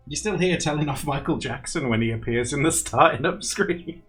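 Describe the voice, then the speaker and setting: A young man hosts a laid-back livestream, reading viewer comments, chatting with them and laughing a lot. His voice is slightly high and fairly bright, animated and brisk with few pauses. Faint music plays in the background.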